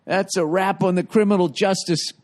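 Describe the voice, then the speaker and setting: A man's voice: high voice, steady tone, moderate pace, pitched above the performer's own voice, close to an everyday voice. A man doing a blunt, angry ex-cop. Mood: defiant. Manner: blunt, profane, defiant.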